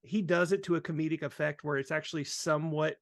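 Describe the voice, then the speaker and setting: A man's voice: a little high, flat delivery, quick pace, no room sound, clean studio sound. A man talking casually about movie accents, rambling with restarts.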